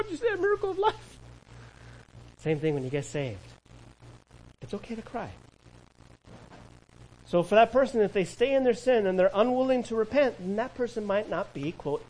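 A man preaching a sermon, animated, acting out quoted voices and asking the congregation questions. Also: fairly high pitch, rough recording. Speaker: pastor.

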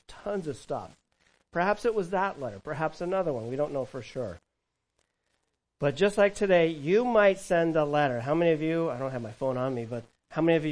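A man preaching a conversational sermon, asking the congregation questions and acting out quoted thoughts with a lively voice. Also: on the high side, low-quality recording. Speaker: pastor.

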